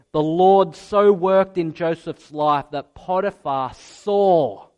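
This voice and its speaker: A man preaching a sermon, earnest and emphatic, at times dropping low and soft and at times rising loud.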